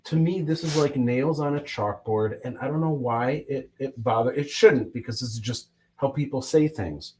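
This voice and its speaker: A man's voice: mid-range voice, normal speed, hardly any pauses, a little mellow, slight background noise. A man hosting a livestream, chatting casually in a rambling, self-mocking way. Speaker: host.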